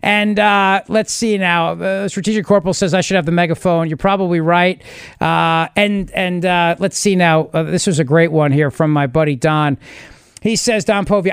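A talk radio host with a fairly high voice and a dry, close studio sound. He banters casually and jokes while reading out listener messages. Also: steady tone, normal speed, clear, resonant tone, no room sound. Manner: joking, reads listener tweets aloud.

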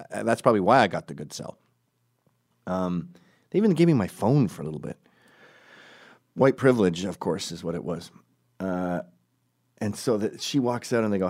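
A man's voice: on the low side, fairly quick, a little mellow. A middle-aged man telling a story in a casual, riffing way, often jumping into quoted voices.

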